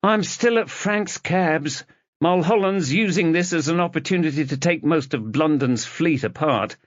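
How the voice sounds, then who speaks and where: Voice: medium pitch, a little slow, no echo, lo-fi sound, voice pushed up, natural voice. A man voicing a harried, brusque detective taking a call in the middle of a busy job.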